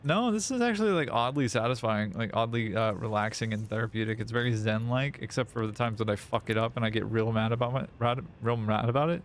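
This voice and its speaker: A man's voice: lowish voice, level tone, brisk, few pauses. Rambling, foul-mouthed male game streamer. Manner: rambling, self-mocking, swears often. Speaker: live streamer playing a factory game. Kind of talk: casual rambling stream chat.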